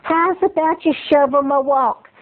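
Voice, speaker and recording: Man doing a slow sweet pushy old southern lady, raised voice, tinny muffled audio. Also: very high voice, voice pushed up. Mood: sweetly pushy. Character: elderly Southern woman, hospitable but pushy. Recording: muffled lo-fi phone-like sound.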